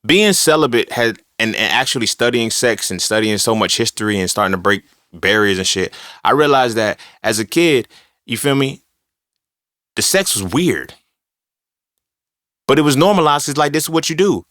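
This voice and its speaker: A man's voice: medium pitch, animated, moderate pace, fairly bright tone, dry recording, clean studio sound. A man hosting a podcast, talking alone in a casual, rambling, profane and emphatic way, often checking in with "you feel me". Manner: frequent 'you feel me' asides. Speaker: podcast host. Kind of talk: casual solo monologue.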